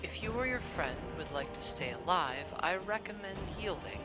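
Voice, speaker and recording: A man playing a calm, threatening female warlock in a tabletop game, with music behind. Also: high voice, moderate pace, pitched above the performer's own voice.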